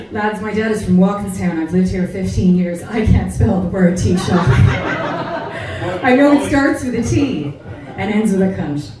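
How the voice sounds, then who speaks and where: An American woman doing a stand-up comedy set, with brash, profane, animated storytelling. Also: mid-range voice, takes it slowly, long pauses, heavy background noise. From United States. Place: comedy club stage. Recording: echoey club from far off.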